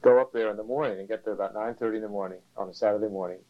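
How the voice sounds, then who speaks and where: An older man recalling weekend sailing trips in a casual, halting way. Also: lowish voice, fairly even intonation. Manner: halting, hesitant storytelling. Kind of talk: casual reminiscing. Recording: dull lo-fi recording.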